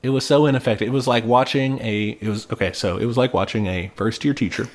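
A fast-talking man of medium pitch co-hosts a podcast in casual chat. He rambles, laughs often, and trails off mid-sentence.

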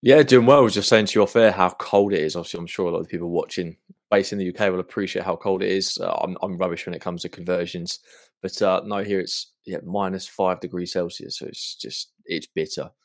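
A man's voice: deep voice, fairly even intonation, quick pace, no room sound, studio quality. A man, a guest on a podcast, chatting casually and poking fun at himself. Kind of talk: casual chat.

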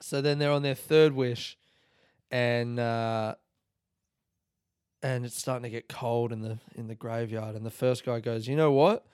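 Rambling comedian with wild yelps. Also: male voice, fairly even intonation, a little slow, long pauses, darkish tone, clear, resonant tone, no room sound, studio quality. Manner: acts out characters with sudden high yelps and swearing. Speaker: comedian podcast host. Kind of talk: rambling comic storytelling.

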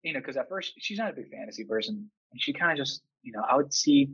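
A man in his thirties, a teacher and father, telling stories with animated, emphatic energy and acting out quotes. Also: mid-range voice, fast talker, breathy edge, highs cut off. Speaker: podcast guest, teacher and father. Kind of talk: enthusiastic storytelling chat.

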